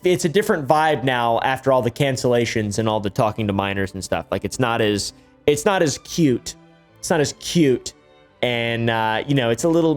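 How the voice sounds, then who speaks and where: A man doing YouTube reaction commentary, ranting and swearing in an irritated way. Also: medium pitch.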